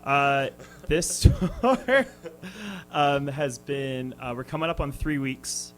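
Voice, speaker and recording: A young touring musician tells stories in a casual radio interview, hesitant and laughing, with lots of fillers and restarts. His medium-pitched voice moves slowly, a bit bright, with big pitch swings. The rough recording comes from a radio studio with music underneath.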